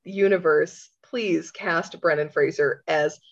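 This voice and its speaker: A woman's voice: sits low, fairly even intonation, takes it slowly. A woman co-hosting a podcast in casual chat, giggly and swearing freely. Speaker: podcast co-host. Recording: dull lo-fi audio.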